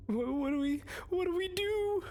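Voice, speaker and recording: Man doing a squeaky stammering timid lad. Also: expressive, normal speed, a little mellow. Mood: panicky. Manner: stuttering, nervous.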